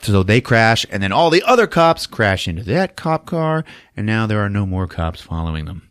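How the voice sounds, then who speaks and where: A man's voice: on the low side, very animated, normal speed, a bit bright, smooth, no room sound, studio quality. A man hosting a podcast, recapping a movie in a profane, comedic storytelling manner, laughing often. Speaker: podcast host. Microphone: podcast mic.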